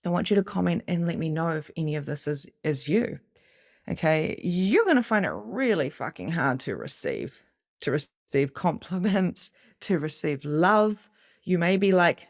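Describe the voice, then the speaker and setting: A woman giving a casual spiritual lesson to camera in an expressive style, acting out inner voices and swearing now and then. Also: low-pitched, moderate pace. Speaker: psychic medium and spiritual teacher.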